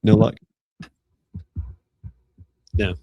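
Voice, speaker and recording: A man's voice: no echo, lo-fi sound. A man co-hosting a live psychic reading stream, playful and joking with his co-host in casual chat. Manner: playful and joking, with quick teasing asides.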